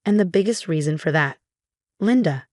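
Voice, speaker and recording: A woman narrates a first-person story in a plain, steady reading voice. Her pitch sits fairly low for a woman, and the sound is close and dry with no room echo. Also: moderate pace.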